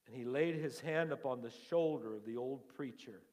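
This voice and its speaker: A man preaching a sermon as lead pastor, telling a story slowly, his phrases trailing off softly before rising to fervent emphasis. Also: mid-range voice. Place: church sanctuary. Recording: long church-hall reverb.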